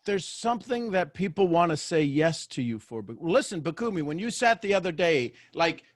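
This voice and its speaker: A man with a fairly high voice gives a motivational talk over a video call. He sounds animated and jokey, restarting lines as he goes. The sound is dry and close. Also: normal speed, no room sound. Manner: animated and joking, with frequent restarts. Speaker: host of a motivational live show. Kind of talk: motivational talk to a live online audience.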